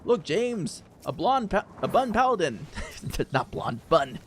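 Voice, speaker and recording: A man's voice: high voice, very animated, takes it slowly, slight background noise. A man chatting casually to his viewers while streaming a game, rambling with fillers and easy laughs. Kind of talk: casual gaming stream chat.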